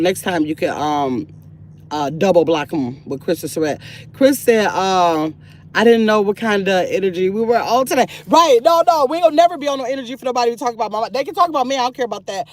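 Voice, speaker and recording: An older woman hosting a casual livestream from her phone in a parked car, chatty and excitable, reading comments aloud and turning from sweet to sassy. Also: medium pitch. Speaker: livestream host reading chat.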